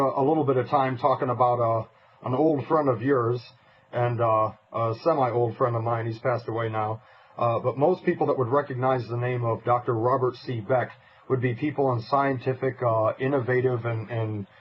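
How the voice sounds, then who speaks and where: A male radio co-host leads the interview in a relaxed way, halting over fillers. The sound is dull and lo-fi. A faint hiss runs underneath. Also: medium pitch. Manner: conversational, hesitant with fillers.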